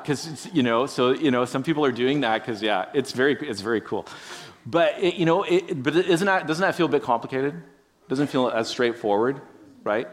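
A man preaching a conversational sermon, musing aloud, asking the listeners rhetorical questions and often tagging on "right?". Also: medium pitch. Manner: addresses listeners directly. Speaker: pastor.

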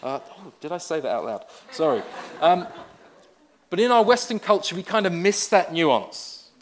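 A man's voice: fairly high pitch, expressive, normal speed. A man, a pastor telling a personal story in a conversational sermon with wry asides.

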